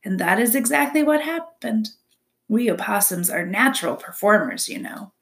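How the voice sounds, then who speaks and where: A woman's voice: mid-range voice, expressive, moderate pace, creaky. A woman voicing a chatty, theatrical female opossum who loves to perform, in a storybook reading. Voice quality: bright, gushing, theatrical.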